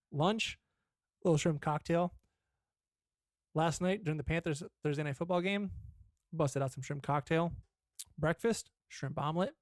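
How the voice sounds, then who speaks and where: In a studio-quality recording with no room sound, a young man with a high-ish voice co-hosts a podcast. Chatting casually, he launches into a meandering, foul-mouthed story about his father.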